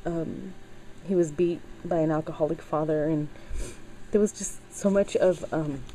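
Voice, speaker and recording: A middle-aged woman chatting casually in a craft video, halting with many fillers and getting teary as she talks. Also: deep voice, steady tone, dark tone, a little hiss or hum, low-quality recording. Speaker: crafting channel host.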